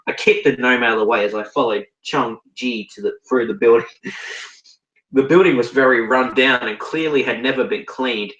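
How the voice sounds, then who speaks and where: A man's voice: mid-range voice, normal speed, a bit bright. Young Australian man reading aloud in an echoey room. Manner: stumbling over words, breaking into laughter and horrified asides. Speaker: podcast co-host reading fan fiction.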